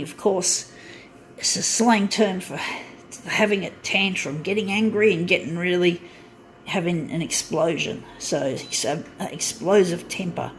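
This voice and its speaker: A middle-aged woman rambles casually through a vlog, swearing often and joking at her own expense as she fiddles with a photocopier. Her voice sits at an ordinary middle pitch. A faint hum of machinery runs underneath. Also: low-quality recording. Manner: rambling, swearing, self-mocking. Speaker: vlogger. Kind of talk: casual narration while working. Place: room with a photocopier.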